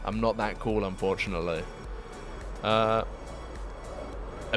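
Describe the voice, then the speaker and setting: Young man, British accent, middle pitch, casual livestream chat, laughs often, faint background music. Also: animated, moderate pace, a bit bright. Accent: British English. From United Kingdom. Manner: chatty, laughs often, bursts into high-pitched disbelief. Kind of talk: casual chat with stream viewers.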